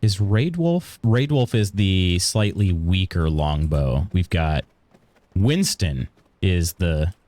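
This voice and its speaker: Deep-voiced man chatting through a game stream. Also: slow pace. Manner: relaxed, chatty, thinks aloud while playing. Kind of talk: casual live-stream gaming chat.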